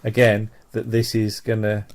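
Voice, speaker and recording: A man co-hosting a podcast in casual chat, chatty with quick asides. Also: fairly low pitch, completely flat delivery. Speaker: podcast co-host.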